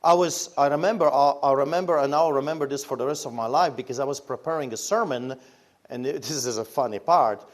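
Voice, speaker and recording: A man's voice: mid-range voice, a little fast. A man with a Polish accent, a pastor, telling his story in an interview with emphatic, fiery delivery and pointed rhetorical questions. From Poland.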